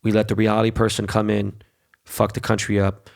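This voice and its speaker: A man in his forties hosts a podcast in loose, casual chat. His low voice carries a gravelly fry, and he tells stories with animation, swearing freely and mimicking others in raised voices. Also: monotone, a little fast. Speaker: podcast host.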